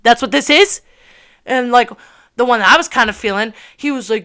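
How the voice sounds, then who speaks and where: A young woman in her early twenties recounts a night out, talking in a lively, profane run packed with filler words. Her voice sits a touch high and sounds bright and crisp. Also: normal speed. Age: early 20s. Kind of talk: casual storytelling.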